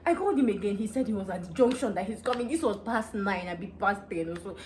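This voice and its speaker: A young Nigerian woman from Delta State tells a personal story to her vlog audience in a casual gist, speaking rapidly in a medium-pitched, mid-range voice with a Nigerian accent. She is animated and excitable and breaks into laughter, while a faint hum of room ambience sits beneath her voice.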